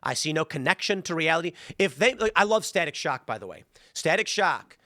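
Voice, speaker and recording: A man's voice: fairly high pitch, expressive, a little fast, bright, forceful tone, dry recording, clean studio sound. A man from Chicago hosting a show, giving an opinionated commentary monologue in an emphatic way and repeating words when fired up. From Chicago, United States. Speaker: show host.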